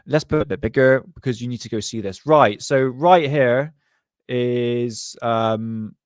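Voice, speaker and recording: A man's voice: mid-range voice, unhurried, no room sound, studio quality. A man hosting a live stream from his desk, casually chatting, joking, rambling and laughing often.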